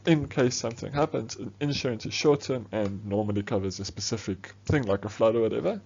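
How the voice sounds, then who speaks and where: A man teaching an exam revision lesson on business studies, explaining quickly and chattily with frequent "okay"s. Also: fairly low pitch, gravelly, a little mellow, muffled recording, slight background noise.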